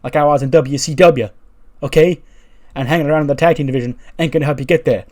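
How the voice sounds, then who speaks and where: A man voicing a loud, bossy older male wrestler who barks orders at his nephew, in a wrestling game playthrough. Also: medium pitch, lively intonation, moderate pace, pitched above the performer's own voice, lightly acted. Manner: shouting, pushy, barking orders.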